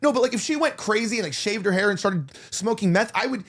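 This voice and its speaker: A man's voice: high-pitched, expressive, quick pace, a bit bright. A man hosting a casual opinion show, rambling and emotional, with many restarts and provocative jokes. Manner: provocative joking. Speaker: podcast host.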